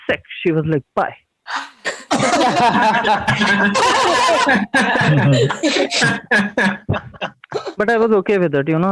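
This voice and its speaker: A man's voice: a little high, a bit bright, no echo, rough recording. A man from India, doing a chatty stand-up set over a video call. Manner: casual, chatty, with filler like "see" and "you know". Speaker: stand-up comedian.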